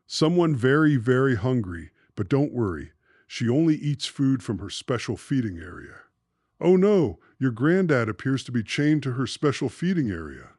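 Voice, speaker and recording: A man's voice: mid-range voice, lively intonation, normal speed, a little mellow, slightly rough, dry recording, studio quality. A man reading an audiobook, voicing a gloating, scheming male villain who mocks in a sing-song way. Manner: mocking, sing-song cackling. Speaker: audiobook narrator.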